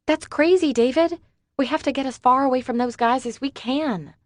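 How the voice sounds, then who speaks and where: A woman voicing a frightened young woman on the run, her voice raised high and breathless with worry, for an audiobook. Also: normal speed, dry recording, natural voice.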